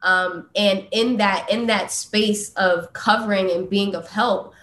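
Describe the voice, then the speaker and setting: A woman's voice: mid-range voice, fairly even intonation, slow, fairly bright tone, roomy sound. A woman co-hosting a casual faith discussion, speaking earnestly and reflectively with frequent ums. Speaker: podcast co-host.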